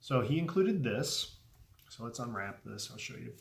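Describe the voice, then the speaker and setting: A man talks through an unboxing in a casual vlog, his voice sitting at an everyday middle pitch. He sounds earnest and a little emotional, often letting his words trail off softly between thoughts. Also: sing-song, moderate pace, vocal fry. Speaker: pipe tobacco video host.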